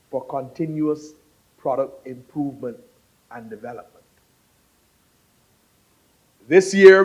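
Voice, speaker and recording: A man's voice: high voice, darkish tone, poor audio. A man with a mixed Grenadian and Barbadian accent gives a formal podium speech as a tourism chief executive, lifting and dropping his voice to stress key points.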